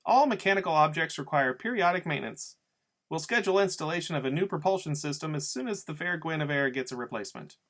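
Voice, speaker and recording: A man's voice: on the high side, expressive, fast talker, fairly bright tone. A man voicing a tiny, very clever boy who speaks in formal, dictionary-like words, read as an audiobook. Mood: grandly formal. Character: tiny brainy boy, bookish and proud. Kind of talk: audiobook reading.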